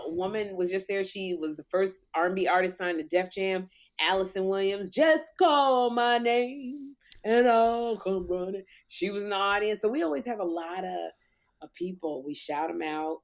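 Animated woman telling a story. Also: lowish voice, moderate pace. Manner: animated, acts out quotes loudly. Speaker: talk show host and comic, guest. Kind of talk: lively storytelling chat.

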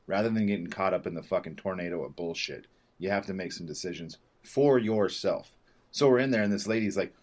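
A man co-hosting a podcast in casual chat, animated and profane, and he gets loud when he vents. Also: low-pitched, fast. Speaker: podcast co-host.

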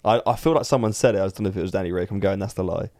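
A man's voice: low voice, rapid-fire, darkish tone. A man co-hosting a podcast, reading out quiz clues in a playful, teasing way and laughing often. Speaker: podcast co-host. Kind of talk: casual chat, quiz game.

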